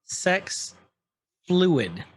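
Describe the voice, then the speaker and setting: This co-host's voice is high-pitched and breathy, and he talks extremely slowly while casually recapping a show on a podcast. He stays animated, acting out lines from the scenes as he describes them.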